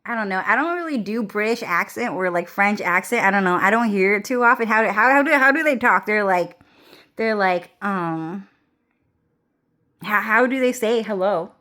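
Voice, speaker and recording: A woman's voice: medium pitch, moderate pace, bright, forceful tone. A young woman vlogger ranting casually, rambling and swearing with frequent laughs. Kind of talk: casual rant.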